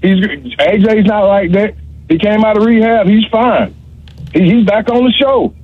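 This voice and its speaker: A man's voice: high-pitched, unhurried, husky, no echo. A male caller trading joking, teasing trash talk on a call-in radio show over a phone line.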